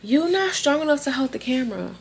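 A woman's voice: sing-song, brisk, gravelly, noisy background. A woman, chatting casually in a home vlog in a laid-back way. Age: 20s. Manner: laid-back, talks to her baby in high playful voice. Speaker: vlogger. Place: home apartment.

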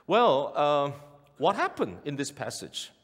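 A middle-aged man preaching from the pulpit with a fairly high, animated voice that rises and falls as he works through the passage. He repeats his key phrases and puts questions to the congregation. The sound carries a long church reverb. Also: measured pace. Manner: earnest preaching with rhetorical questions and repetitions. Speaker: pastor. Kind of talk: sermon. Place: church sanctuary.

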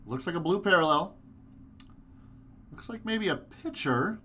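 A man's voice: high-pitched, expressive, a little slow, pauses often, bright, forceful tone, a little hiss or hum. Upbeat man hosting a card-break stream. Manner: chatty, upbeat, many fillers. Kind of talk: live commentary while opening card packs.

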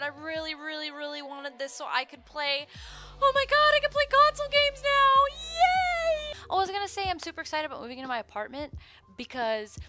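A woman livestreaming in casual chat, excitable and given to loud, sweary outbursts. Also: very high voice. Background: background music.

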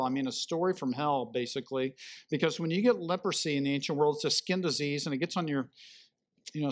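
A man preaching a sermon, telling a Bible story in an animated way and acting out the people in it. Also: on the high side. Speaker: pastor.

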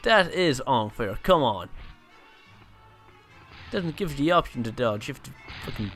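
A man joking his way through a video game, muttering quietly, then breaking into excited outbursts. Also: mid-range voice, measured pace, pauses often, faint music behind. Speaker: gameplay commentator. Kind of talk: let's play commentary.

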